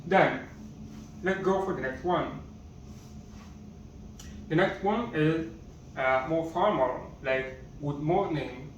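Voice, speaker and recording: A man teaching a basic language lesson at a slow, patient pace and repeating each word, recorded from a distance so it sounds muffled. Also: a little high, very echoey, a little hiss or hum. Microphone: camera or phone far from speaker.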